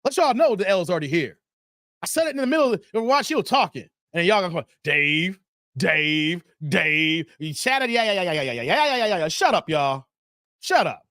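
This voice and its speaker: A man's voice: high voice, fairly bright tone, no echo, studio quality. A man hosting a live stream and reading chat comments, talking in a teasing, playfully exasperated way.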